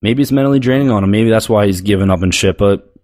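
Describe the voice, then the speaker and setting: A man's voice: fairly low pitch, fast, a little mellow. A man hosting a sports show, delivering a blunt, profane, heated rant about football. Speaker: sports podcast host.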